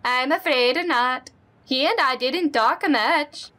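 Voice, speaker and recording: A woman's voice: high voice, takes it slowly, bright, forceful tone, full character voice. A woman voicing a kindly older female neighbor in a game, polite and sweet, with a Minnesotan accent.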